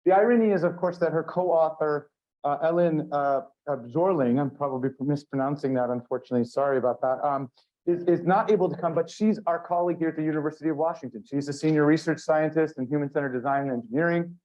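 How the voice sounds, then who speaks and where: A man introducing speakers at an academic conference, talking in a rambling, halting way with many fillers. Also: fairly high pitch, fairly even intonation, a little mellow, lo-fi sound. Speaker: conference session host. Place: lecture hall.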